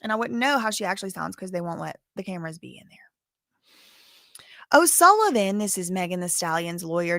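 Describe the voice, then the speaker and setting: A woman's voice: fairly low pitch, fairly bright tone, no echo, clean studio sound. A woman hosting a casual livestream of legal commentary, chatty and blunt, with frequent digressions. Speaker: commentary channel host.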